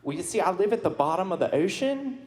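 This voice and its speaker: A man's voice: sits high, very animated, fast talker, darkish tone. A man playing a flamboyant southern superhero of the sea, speaking with a sassy Southern US drawl and folksy catchphrases in a stand-up roast. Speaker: roast comedian in character. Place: comedy club stage. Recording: echoey club with audience laughter. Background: crowd laughing.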